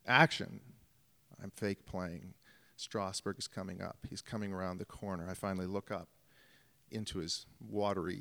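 A man's voice: low-pitched, steady tone, normal speed, vocal fry, bright, forceful tone. Man telling a story in a reverberant hall. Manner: vivid, acts out scenes and calls. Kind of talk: live storytelling.

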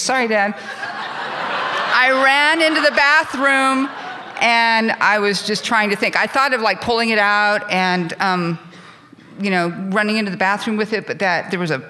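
A woman's voice: mid-range voice, bright, forceful tone. Candid middle-aged woman telling a story. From California, US. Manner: candid, self-mocking, laughs at herself. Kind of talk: live personal storytelling.

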